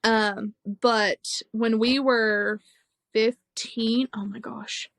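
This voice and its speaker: A woman's voice: on the high side, steady tone, extremely slow, gravelly, a bit bright, dry recording. A young woman, a podcast guest, telling a personal story in a frank, emotional way, swearing freely and laughing between hard moments. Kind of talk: candid conversational storytelling.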